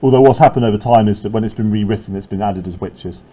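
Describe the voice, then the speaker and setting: A man's voice: fairly low pitch, fast, mellow, rough recording. A male teacher leading a classroom literature lesson, talking conversationally and often checking in with "right?".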